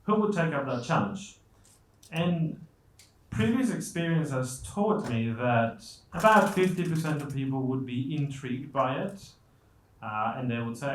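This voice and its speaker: A man speaking to an audience in a conversational, reflective way. His voice sits at a middle pitch. The room around him is roomy and echoing. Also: lively intonation, unhurried. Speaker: event speaker. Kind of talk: talk to an audience. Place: event venue. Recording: echoey room.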